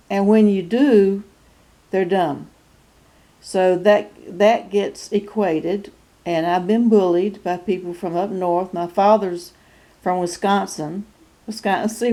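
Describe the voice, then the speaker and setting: A woman in her sixties with a North Carolina Southern accent, talking casually to camera in a halting way with many fillers and frequent chuckles. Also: medium pitch, gravelly, warm tone. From North Carolina, USA. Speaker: YouTube channel host. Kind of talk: casual personal vlog.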